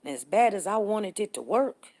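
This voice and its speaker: A middle-aged woman hosting a casual morning live stream, chatting with viewers, greeting them by name and telling stories in an animated way. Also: medium pitch, normal speed. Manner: animated storytelling, voices others in the story.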